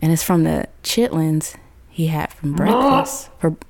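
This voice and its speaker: A woman's voice: deep voice, lively intonation, unhurried, vocal fry, darkish tone. A woman host telling a comic story in a casual, slangy way, laughing often. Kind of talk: comedic storytelling.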